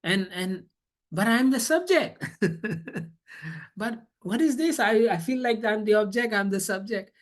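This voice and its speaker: A man's voice: high-pitched, measured pace, pauses often, voice pushed up. A man voicing a love-struck divine cowherd boy. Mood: wondering.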